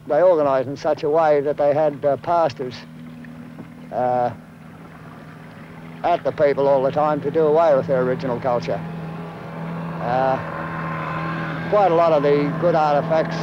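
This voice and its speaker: Older man, interview, halting, many fillers, dull old film sound, faint hiss. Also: a little high. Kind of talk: recalled interview.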